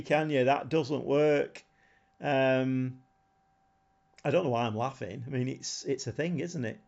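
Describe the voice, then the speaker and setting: A man's voice: medium pitch, measured pace, vocal fry, pauses often, darkish tone, lo-fi sound. A man chatting casually on a live stream, thinking aloud in a rambling way and chuckling often. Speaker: game streamer.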